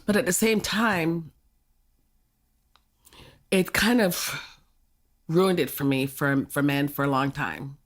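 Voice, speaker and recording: A woman's voice: deep voice, slow pace, pauses often. A woman from California, a podcast guest talking casually and reflectively, sometimes searching for the right word. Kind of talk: casual conversation.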